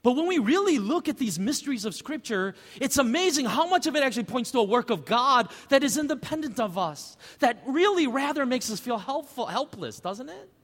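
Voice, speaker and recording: A man preaching a sermon as pastor, conversational and animated, asking rhetorical questions. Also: very high voice, in a large hall.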